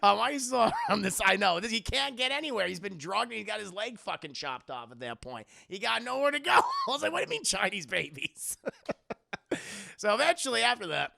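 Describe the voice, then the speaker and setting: Excitable, profane male streamer. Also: high-pitched, a little fast, gravelly. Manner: profane, excitable, laughs often, talks to chat. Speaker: streamer reviewing a film. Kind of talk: casual live-stream film review.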